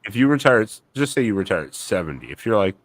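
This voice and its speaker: A man co-hosting a casual livestream chat, blunt and profane, talking in quick bursts. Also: on the low side, very animated, no echo. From United States. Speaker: co-host.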